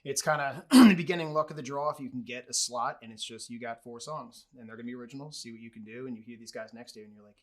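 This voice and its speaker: A man talks fast and eagerly as a guest musician in a casual interview. His voice sits in a middle pitch, and he stresses his points emphatically with frequent laughs. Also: steady tone.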